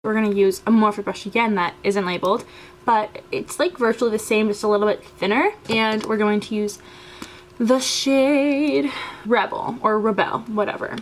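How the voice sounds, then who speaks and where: A woman's voice: medium pitch, fairly even intonation, normal speed, a little hiss or hum. A young woman talking through her makeup routine step by step, casual and chatty, with frequent fillers. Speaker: beauty vlogger. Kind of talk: makeup tutorial voice-over.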